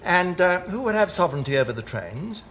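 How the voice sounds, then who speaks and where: A polished senior civil servant, all smooth condescension. His tone rises and dips in lively swoops as he lectures. The old TV sound carries a clear hiss behind him. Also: high-pitched, fairly quick. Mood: smooth, patronizing. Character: suave, evasive senior male civil servant, middle-aged. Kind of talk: 1980s British TV sitcom acting. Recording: old TV audio with background noise.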